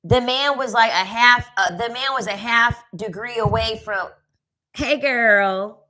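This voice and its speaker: This is a woman delivering a casual commentary rant. She talks in a sassy, emphatic way and often repeats a line for punch. Her voice is bright and forceful. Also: on the high side, moderate pace, rough recording. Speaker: commentary vlogger.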